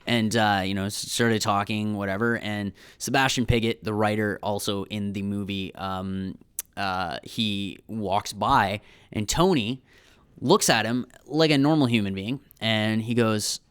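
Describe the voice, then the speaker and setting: A man's voice: on the low side, measured pace, a bit bright, clean tone, dry recording. Rambling young Canadian man telling stories. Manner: rambling storyteller, many fillers and restarts. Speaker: guest, filmmaker. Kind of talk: casual podcast chat.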